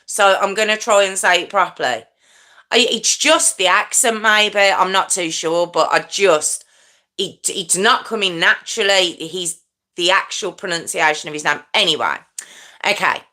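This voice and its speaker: A woman's voice: mid-range voice, moderate pace, sharp tone. A middle-aged woman hosting a true crime livestream, chatting casually and stumbling over her words as she corrects herself. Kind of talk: rambling casual live chat.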